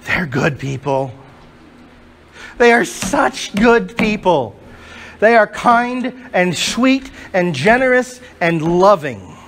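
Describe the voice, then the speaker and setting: A man's voice: sits high, sing-song, slow, fairly bright tone, slight background noise. A male pastor preaching a sermon to a congregation in church, emphatic and full of rhetorical questions.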